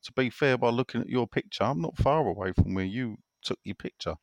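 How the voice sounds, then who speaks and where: Animated man talking football. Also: mid-range voice, brisk, no room sound, studio quality. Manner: animated, opinionated. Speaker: podcast co-host. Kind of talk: casual football podcast chat.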